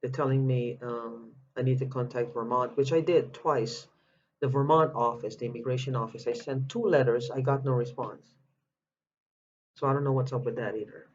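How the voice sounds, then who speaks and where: A man's voice: medium pitch, steady tone, moderate pace, slight background noise. Agitated man pleading in lo-fi audio. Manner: agitated, repeats and restarts, pleading questions. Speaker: vlogger asking for help. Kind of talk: upset personal video monologue. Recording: dull lo-fi audio.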